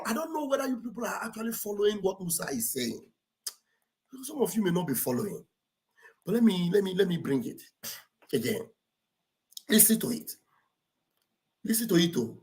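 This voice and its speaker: A woman's voice: mid-range voice, very animated, moderate pace, long pauses, dark tone. A woman giving mocking, exclamatory livestream commentary, repeating phrases for emphasis. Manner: acts out quoted speech with theatrical delivery.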